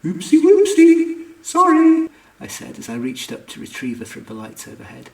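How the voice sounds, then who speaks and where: A man reading a comic science fiction audiobook with wry, expressive narration. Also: medium pitch, fast, vocal fry. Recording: echoey room, distant mic, faint noise.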